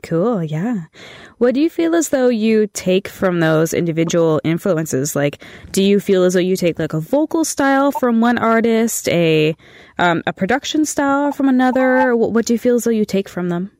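A woman's voice: medium pitch, expressive, moderate pace, darkish tone, no room sound. Stuffy-nosed lady radio host w/ a cold, chatty, super dry close sound. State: congested from a cold, nasal. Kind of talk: casual radio interview.

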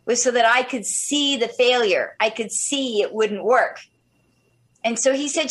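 High-voiced woman in her 50s, guest on an interview, super animated storytelling, speeds up and slows down a lot. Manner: animated and expressive, shifting pace often. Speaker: guest speaker.

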